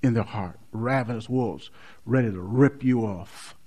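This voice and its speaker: A man preaching a sermon, swinging between loud emphatic lines and low, quiet stresses, repeating key words for weight. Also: unhurried, breathy edge.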